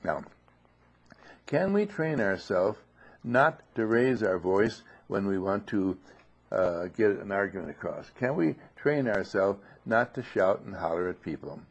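A man giving an informal spoken teaching in a monastery dining room, often clearing his throat and asking rhetorical questions. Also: on the low side, lively intonation, unhurried. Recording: dull lo-fi recording.

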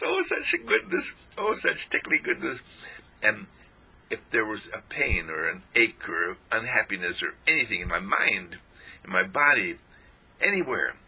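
Gravelly man with a lower voice, animated and playful for an uplifting radio talk. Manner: animated and playful, repeats affirmations. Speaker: spiritual radio speaker.

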